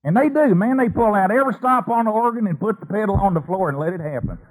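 A man preaching a folksy sermon story, animated, with lots of colloquial asides. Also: high-pitched, fast, low-quality recording.

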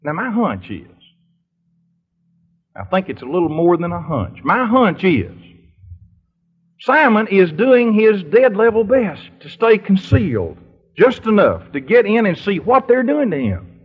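A man's voice: high-pitched, very animated, a little slow, slightly rough. A male preacher retelling a story dramatically in a sermon and putting questions to his congregation. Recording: dull lo-fi recording.

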